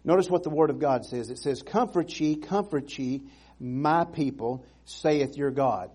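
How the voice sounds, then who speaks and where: A man's voice: fairly high pitch, measured pace, darkish tone, breathy edge. A man preaching a sermon in an earnest, emphatic way, repeating phrases and restarting sentences.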